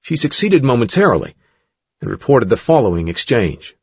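A man narrating an audiobook in a measured, dramatic way. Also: mid-range voice, very animated, creaky, breathy edge, no echo. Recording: dull dry studio recording.

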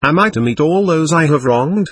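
A man reading the part of a guilty, panicked man who has just died, with a slightly husky voice. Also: a little high, animated, normal speed, no echo, pitched above the performer's own voice. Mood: despairing. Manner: frantic, pleading.

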